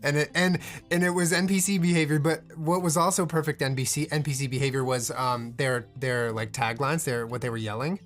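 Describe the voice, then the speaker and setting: A young man giving casual, animated reaction commentary as a streamer, swearing freely and lifting his voice when excited. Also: mid-range voice, fairly quick, few pauses, soft background music.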